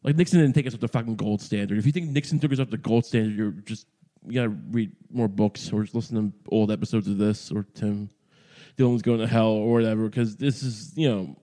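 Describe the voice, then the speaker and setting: Brief: man, podcast host, meandering comic rant, swears often, mellow tone. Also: lowish voice, brisk. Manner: profane, meandering, self-interrupting. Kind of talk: rambling comedic monologue.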